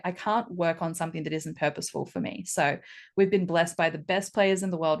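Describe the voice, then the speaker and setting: A woman, a game studio co-founder, chatting in an interview and telling stories with lively acted-out quotes. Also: fairly low pitch. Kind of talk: casual interview chat.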